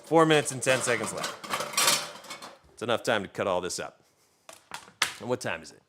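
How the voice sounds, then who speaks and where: Animated man chatting while cooking. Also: on the low side, normal speed, heavy background noise. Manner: animated, swears freely, jokey tangents. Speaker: cooking live streamer. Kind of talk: casual chat while cooking. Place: home kitchen.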